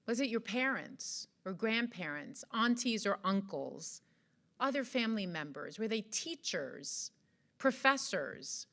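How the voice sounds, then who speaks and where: A woman's voice: mid-range voice, big pitch swings, measured pace, fairly bright tone. A woman from Jamaica giving an earnest motivational speech to an audience, full of rhetorical questions. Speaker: event speaker. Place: event hall.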